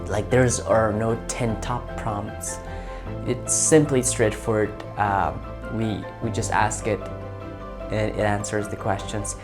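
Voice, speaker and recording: A man's voice: on the low side, fairly even intonation, over music. Eager man chatting loosely. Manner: informal, eager, halting with repeated words. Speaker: tech video host. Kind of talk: casual talk to an AI voice assistant and to viewers.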